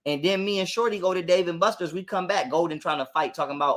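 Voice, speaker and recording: High-pitched guy ranting a story, swears a lot, all fired up. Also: quick pace, few pauses. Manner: animated, profane, heated retelling. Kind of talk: casual storytelling chat.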